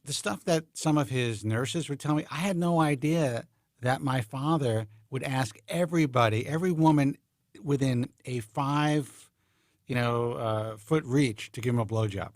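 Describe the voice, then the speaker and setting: A man's voice: medium pitch, normal speed, no room sound, clean studio sound. A man co-hosting a call-in show, telling stories in blunt, profane casual chat. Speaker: co-host.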